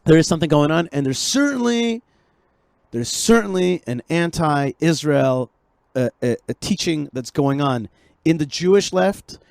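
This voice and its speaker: A man hosting a podcast conversation, animated and joking, often repeating his words as he goes. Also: fairly high pitch, unhurried, gravelly, dry recording. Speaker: show host.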